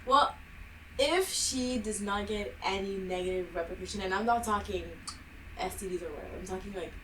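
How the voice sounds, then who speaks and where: A woman co-hosting a loose podcast chat, teasing her partner with quick, giggly asides. Her voice is bright and clear at a middle pitch. A faint hum of room tone sits behind her. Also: distant mic, rough recording. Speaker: podcast co-host. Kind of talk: casual chat.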